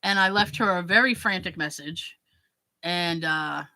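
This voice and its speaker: A woman podcast host telling a story in casual chat, acting out the quoted dialogue with lively emphasis. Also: on the low side, unhurried, no room sound, rough recording. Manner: animated, acts out quoted dialogue.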